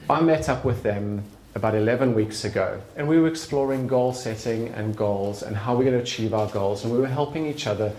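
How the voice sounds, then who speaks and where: At an evening event in a bar's function room, a middle-aged man gives an earnest, conversational talk. His voice is fairly low and darkish in tone, and the roomy live-venue recording carries slight background noise.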